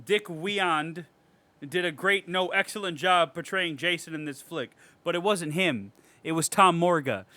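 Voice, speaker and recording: A man co-hosting a horror podcast, reading reviews aloud with animated, sarcastic commentary and frequent swearing. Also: on the high side, a little slow. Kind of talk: casual podcast chat.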